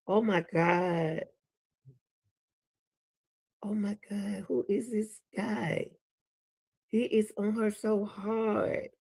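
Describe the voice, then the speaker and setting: A man's voice: high voice, creaky, breathy edge. A man with a Southern US accent, hosting a reaction video and talking casually to his viewers, laughing and exclaiming in disbelief.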